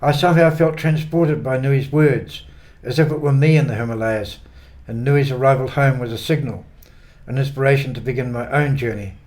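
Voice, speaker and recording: An older man with a New Zealand accent narrates his own travel memoir, unhurried and quietly wry. His voice sits at an ordinary middle pitch for a man. It is a read-aloud yarn, paced for the listener. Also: steady tone. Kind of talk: scripted narration.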